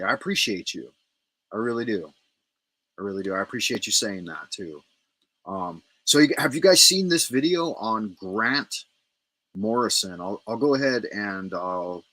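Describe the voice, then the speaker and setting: A man's voice: fairly low pitch, bright, forceful tone, no room sound. A middle-aged man hosting a casual livestream from home, rambling, repeating himself and thanking viewers. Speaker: livestream host.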